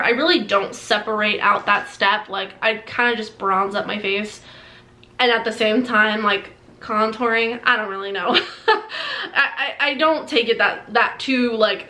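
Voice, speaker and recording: A chatty young woman vlogging while she does her makeup, her voice a little high and very bright. She scatters "like" through her sentences and giggles as she talks, in an echoey room. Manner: chatty, many "like" fillers, giggly. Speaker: beauty vlogger. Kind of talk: casual get-ready-with-me chat.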